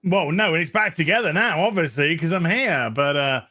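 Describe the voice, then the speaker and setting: A man's voice: on the high side, moderate pace, dry recording. Male co-host, breathless, rambling storyteller, dry close mic. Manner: rambling, animated storytelling with many restarts. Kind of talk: casual livestream chat.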